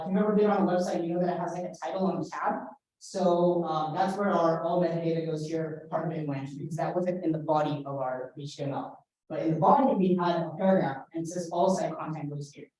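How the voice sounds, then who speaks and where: A woman's voice: low-pitched, mellow, far from the mic. A young woman teaching a workshop in a casual classroom manner, hesitant, with many fillers and restarts. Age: young adult. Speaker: workshop instructor. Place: lecture room. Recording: roomy echo, voice from afar.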